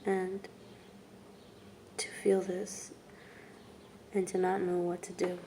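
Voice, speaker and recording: A young woman telling her own story in a vlog, speaking softly and haltingly, with long pauses and words that trail off into whispers. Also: lowish voice, monotone, a little hiss or hum. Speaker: vlogger. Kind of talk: personal testimony vlog.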